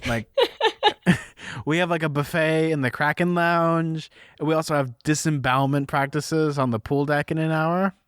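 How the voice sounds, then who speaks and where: A man's voice: a little high, level tone, very slow, pauses often, fairly bright tone, smooth, no echo, clean studio sound. A man voicing a cheery cruise ship captain with a weak put-on Australian accent. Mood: jolly.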